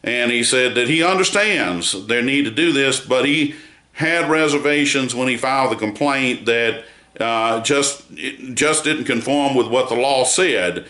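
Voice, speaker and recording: Male news commentator, measured and emphatic with many fillers; bright voice in a roomy space. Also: medium pitch. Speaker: news site founder giving a report.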